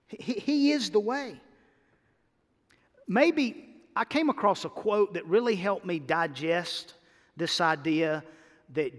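A man preaching a sermon as pastor, with energetic emphatic peaks and quiet asides. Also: high voice, in a large hall.

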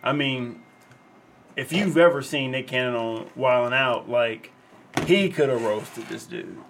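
A man's voice: mid-range voice, a little slow. Earnest man giving his take, with faint hiss. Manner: earnest commentary, relaxed, loose. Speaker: podcast co-host. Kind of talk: casual chat, reading a news segment.

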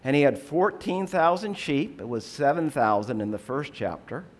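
With a fairly high, animated voice, a man preaches and explains scripture in a measured, earnest way, using rhetorical questions.

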